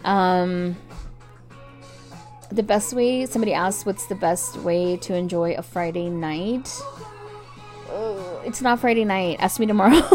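A woman's voice: medium pitch, unhurried, long pauses, soft background music. A young woman telling a casual story to her viewers, swearing freely and acting out voices and sounds. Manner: animated, swearing, acts out voices and alarm beeps. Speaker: vlogger.

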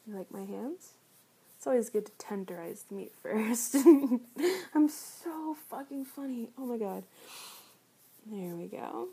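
A woman performing an adult audio role-play, teasing and sarcastic, often slipping into soft whispers. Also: fairly high pitch, animated, a little slow, slight background noise.

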